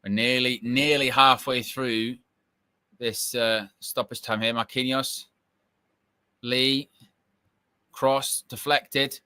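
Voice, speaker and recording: A young man doing casual live football watch-along commentary, reacting excitedly and shouting at big moments. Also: medium pitch, slow, long pauses, clean tone, no room sound, studio quality.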